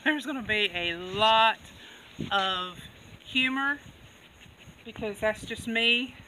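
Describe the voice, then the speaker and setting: A woman chatting casually in a farm vlog, laughing often and coaxing her animals. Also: on the high side. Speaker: goat farmer vlogger. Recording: distant outdoor mic, background noise.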